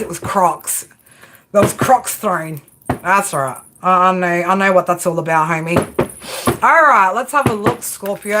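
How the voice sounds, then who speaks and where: A woman's voice: medium pitch, background noise. A woman giving live tarot readings, chatting casually and profanely with viewers and laughing often. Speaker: tarot reader.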